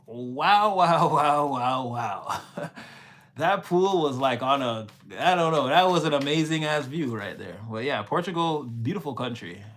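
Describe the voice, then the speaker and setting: Casually rambling through a livestream reading and chat, a young spiritual reader from Canada often repeats himself and exclaims. His voice is on the high side with a fairly bright tone.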